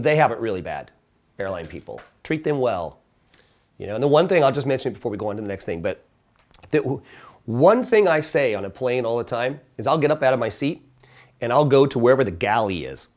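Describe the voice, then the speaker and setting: Animated man telling stories to a group. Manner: animated storyteller acting out quoted dialogue in higher voices. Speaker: dating coach. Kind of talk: casual coaching talk to a small group.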